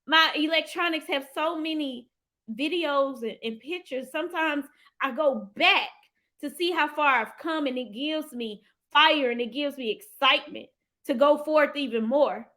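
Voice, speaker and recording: A woman hosting a motivational live stream. She talks in an animated, heartfelt way, lets out sudden whoops and calls her viewers "y'all". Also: high-pitched, measured pace. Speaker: livestream host and financial coach.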